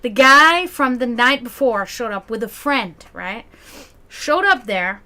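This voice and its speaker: Speaking slowly in a voice on the high side, a woman who hosts community events relates a lengthy, casual family tale from a childhood shared with her brother. She's animated, mimics the voices of those she quotes, laughs a lot, and uses profanity.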